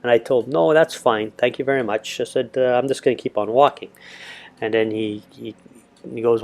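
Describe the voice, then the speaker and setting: A man's voice: mid-range voice, fairly even intonation, fairly quick, a little mellow. A middle-aged man casually recounting a travel experience, rambling with many fillers and restarts. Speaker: travel vlogger. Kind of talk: casual storytelling.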